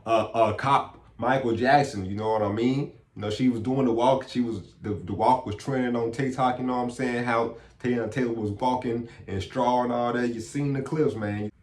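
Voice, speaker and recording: A man running through a movie plot in a casual, animated recap full of slang. His pitch sits in an ordinary middle range, and the sound has the echo of a bare room. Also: normal speed, few pauses. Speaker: movie reviewer. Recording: echoey room.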